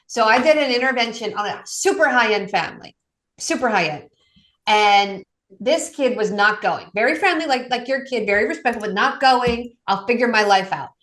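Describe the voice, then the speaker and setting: A woman, a guest addiction coach, telling stories in a casual interview and acting out the people she quotes. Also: normal speed. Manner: lively, acts out quotes with raised pitch. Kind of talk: animated storytelling in casual interview.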